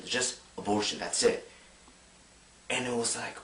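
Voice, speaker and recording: A young man talking to camera in a rambling, excited way, full of filler words. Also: fairly low pitch, a little slow, long pauses, slight background noise. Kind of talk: casual monologue to camera. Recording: roomy, distant mic.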